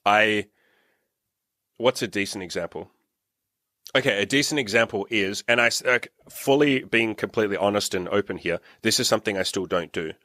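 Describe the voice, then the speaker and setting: A man's voice: on the low side, normal speed, pushed and bright, no echo, studio quality. A man hosting a casual roundtable as a dating and business coach, blunt, joking and profane.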